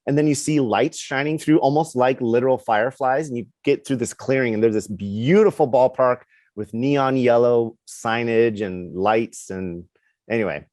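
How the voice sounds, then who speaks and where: A man co-hosting a podcast, chatting in a playful, animated way and reading out a list of nominees. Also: medium pitch, normal speed, dry recording, studio quality. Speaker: podcast co-host. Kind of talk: casual chat.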